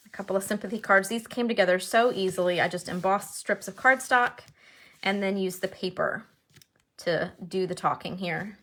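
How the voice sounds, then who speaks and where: A woman's voice: medium pitch, moderate pace, fairly bright tone. A woman chatting in a casual, enthusiastic way as she shows her handmade cards, sometimes thinking aloud. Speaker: card-making demonstrator. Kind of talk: casual show-and-tell crafting video.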